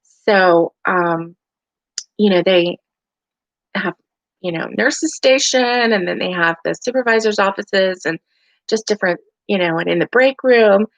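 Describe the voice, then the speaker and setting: Middle-aged woman with a Southern US accent, home crochet vlogger, sleepy and rambling, mid-pitch voice, dry lo-fi mic. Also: a little slow, gravelly, no echo. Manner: rambling, chatty, with many fillers and restarts. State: tired and yawning. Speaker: crochet livestream host. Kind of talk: casual live chat. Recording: dry, dull lo-fi home stream.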